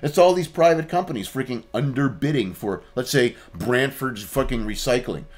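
A man's voice: mid-range voice, moderate pace. A man, a podcast guest ranting casually and swearing constantly. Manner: profane, ranting.

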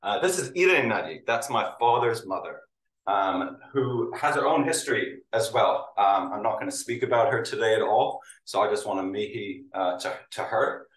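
A man, originally from Hungary, giving an academic talk with halting delivery and many fillers, sometimes emotional. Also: on the low side, expressive, fairly bright tone. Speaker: lecturer. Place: lecture room with audience. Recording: roomy sound, mic at a distance.

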